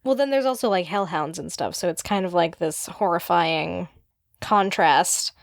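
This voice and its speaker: With a fairly low, creaky voice at a moderate pace, this young woman co-hosts a podcast, talking loosely about a book. She sounds unsure, sprinkling in many "likes," and the studio audio is clean with no echo.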